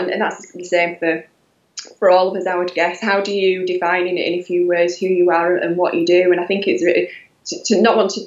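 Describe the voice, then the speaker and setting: A woman in her forties with a Yorkshire accent, a podcast guest who talks haltingly with many fillers and restarts. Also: on the low side, echoey room, lo-fi sound. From West Yorkshire, England. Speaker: guest author. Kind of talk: podcast interview.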